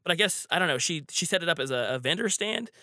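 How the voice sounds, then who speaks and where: A man's voice: on the high side, expressive, fast, sharp tone, no echo, clean studio sound. A man telling a personal story casually, rambling with frequent restarts and fillers. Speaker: storyteller guest.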